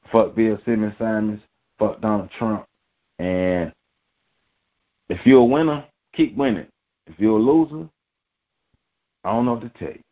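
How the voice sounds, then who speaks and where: A man hosting a sports podcast and delivering a heated, profane rant, repeating himself for emphasis. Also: on the low side. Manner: angry, profane, repetitive. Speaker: podcast host. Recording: dull lo-fi audio.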